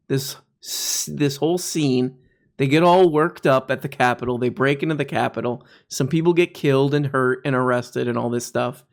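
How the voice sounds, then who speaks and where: A man hosting a reaction commentary, mocking the clips he plays with sarcasm and frequent laughter. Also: medium pitch. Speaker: commentary host.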